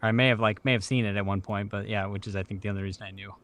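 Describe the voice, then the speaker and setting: A man's voice: on the low side, fairly even intonation, very fast, a bit bright. A man co-hosting a casual podcast, agreeable, with frequent short replies and laughter. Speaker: podcast co-host. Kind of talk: casual chat.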